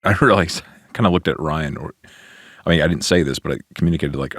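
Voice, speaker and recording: A man hosting a church podcast, talking in a relaxed, reflective way with quick quoted asides. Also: a bass voice, dry recording, studio quality. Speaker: pastor and podcast host. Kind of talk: casual podcast conversation.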